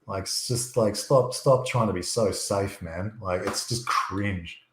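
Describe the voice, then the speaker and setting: Aussie guy, deep-ish voice, blunt and sweary, echoey room on a call. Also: measured pace, heavy background noise. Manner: blunt, profane, opinionated. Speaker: guest. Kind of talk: casual chat.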